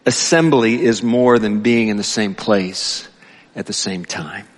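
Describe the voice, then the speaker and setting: A man's voice: on the low side, measured pace. A male pastor preaching a sermon in a loose, conversational way, with many fillers and restarts, recorded in a church hall with long reverb.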